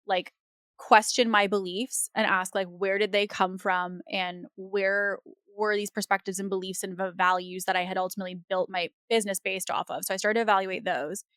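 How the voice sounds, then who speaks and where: Woman, podcast host, casual rambling chat, mid pitch, dry close mic. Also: normal speed, clear, resonant tone, no echo. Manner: animated, rambling, frequent fillers. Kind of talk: casual conversational interview.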